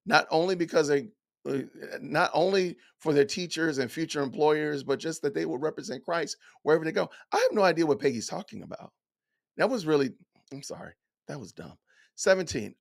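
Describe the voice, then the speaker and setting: A man's voice: on the high side, expressive, fairly quick. A middle-aged man reading lines from an essay aloud and reacting with incredulous, folksy rhetorical questions. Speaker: commentator.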